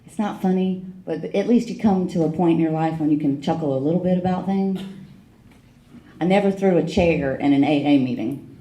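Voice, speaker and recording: A woman's voice: low-pitched, moderate pace, warm tone. A middle-aged woman sharing her recovery story at a meeting, frank and wry, with emotional emphasis. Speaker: AA speaker. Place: meeting hall. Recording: echoey meeting room.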